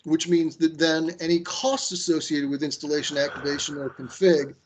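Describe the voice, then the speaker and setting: Male trainer on a video call, slightly high voice, chatty and full of "uh"s, gives firm recommendations. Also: little pitch movement, normal speed, background noise. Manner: conversational, with many fillers and restarts. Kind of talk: online training presentation.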